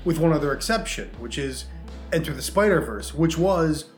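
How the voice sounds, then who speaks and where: A man's voice: on the high side, expressive, moderate pace. Chatty man in an echoey room. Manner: rambling, chatty, lots of fillers. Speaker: podcast co-host. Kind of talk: casual chat about movies and games. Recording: echoey room with faint music.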